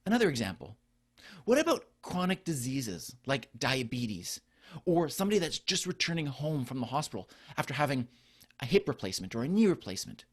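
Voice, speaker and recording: A middle-aged man delivers a conference talk as a doctor, earnest and explanatory. His pitch rises and falls freely, and he keeps posing rhetorical questions to the audience. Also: sing-song, a little fast. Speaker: physician presenter. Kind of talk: conference presentation.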